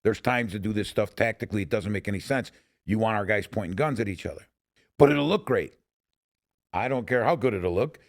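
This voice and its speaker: A middle-aged man from Chicago, a podcast host and technical advisor, tells stories casually in an interview setting, acting out quoted lines. His voice is fairly low with vocal fry, and he talks a little fast.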